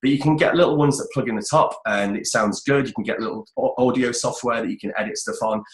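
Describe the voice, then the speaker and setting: British man, middle-aged, casual advice chat, mid-pitched voice, echoey room. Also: fast. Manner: casual, chatty, many restarts. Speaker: voice-over expert guest. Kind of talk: advice-giving interview. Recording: roomy echoey sound.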